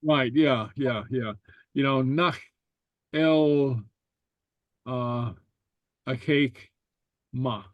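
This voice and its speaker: A man teaching a language class, explaining slowly and stopping often with fillers and repeated okays. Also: medium pitch, dry recording, dull audio. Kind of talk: relaxed online class explanation.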